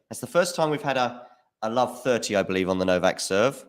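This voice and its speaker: A man giving casual live commentary on a tennis match, chatty and getting excited on big points. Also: fairly low pitch, fairly quick. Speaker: watchalong commentator.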